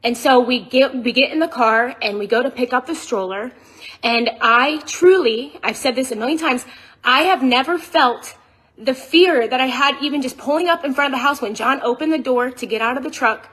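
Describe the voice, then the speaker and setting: A woman telling her own account to viewers on a phone video, rushed and shaken, full of fillers and restarts. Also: high voice, fairly bright tone, husky. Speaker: mother telling her side in a social media video.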